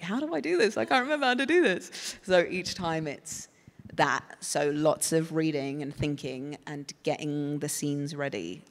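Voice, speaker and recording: An English woman talks on a festival stage, her voice gravelly with fry. She wanders through her answers thoughtfully, full of fillers and restarts. The sound carries the long reverb of a large hall. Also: low-pitched. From England. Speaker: guest actress. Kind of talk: live panel conversation. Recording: reverberant hall from a live event.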